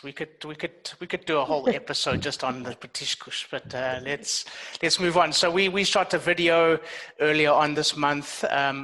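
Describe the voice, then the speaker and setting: Bright, lively male podcast host. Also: mid-range voice, low-quality recording. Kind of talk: casual chat.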